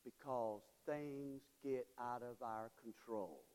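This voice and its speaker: A male pastor preaching a sermon with call-and-response, swinging between shouts and low murmurs. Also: slow, clean tone. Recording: long reverb of a large hall.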